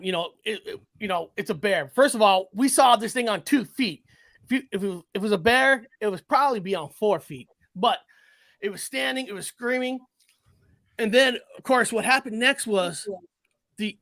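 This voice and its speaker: Animated, profane man telling a story. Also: high-pitched, no echo. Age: 40s. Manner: animated, profane, restarts and self-corrections. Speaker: guest. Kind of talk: casual storytelling.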